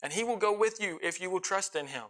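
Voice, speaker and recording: A man preaching a sermon with impassioned delivery, swinging between loud pleading and quiet intensity. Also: high voice, quick pace. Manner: impassioned, rising and falling in volume; emotional.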